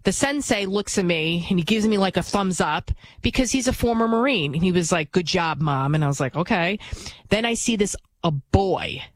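A woman's voice: medium pitch, fairly quick, no echo. Opinionated woman radio host, dry sound. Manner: animated storytelling, acts out quoted voices. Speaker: fill-in talk show host.

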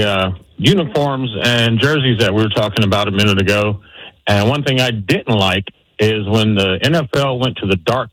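A man's voice: fairly low pitch, fairly bright tone, dry recording, poor audio. A man calling into a sports radio show, folksy as he gives friendly advice. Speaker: radio caller.

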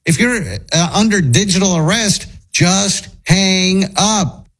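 A male talk-show host with a somewhat high voice tells stories in a mocking, incredulous way. He banters loosely with his co-hosts. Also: slow, a bit bright, rough recording.

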